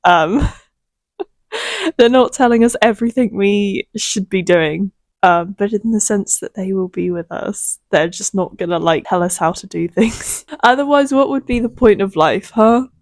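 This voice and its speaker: A young woman talking through her feelings in a rambling, soft-spoken monologue full of fillers and small laughs. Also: medium pitch, lively intonation, measured pace, no echo, clean studio sound. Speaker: vlogger. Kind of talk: reflective casual monologue.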